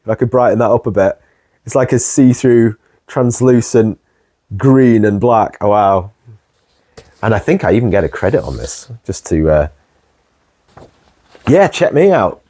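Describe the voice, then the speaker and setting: A man hosting his own video, chatting casually and warmly about his record collection, rambling with plenty of ums. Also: fairly low pitch, unhurried, long pauses. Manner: relaxed and rambling, many ums, warm enthusiasm. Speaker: host.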